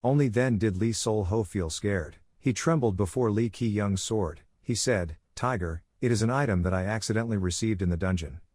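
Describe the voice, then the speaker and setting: Low-voiced man narrating a story recap. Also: dry recording. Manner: reads every character's lines in the same flat narrating voice.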